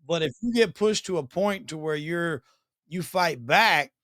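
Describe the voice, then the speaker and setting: A man's voice: a little high, animated, a little slow, fairly bright tone, dry recording, studio quality. A man hosting a casual interview, agreeable and reflective in a plain way. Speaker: podcast host.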